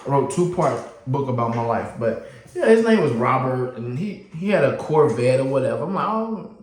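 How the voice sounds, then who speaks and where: A man telling his life story casually to the camera, as an animated storyteller whose voice jumps up high when he acts out his younger self. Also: fairly quick, a little hiss or hum. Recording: echoey room.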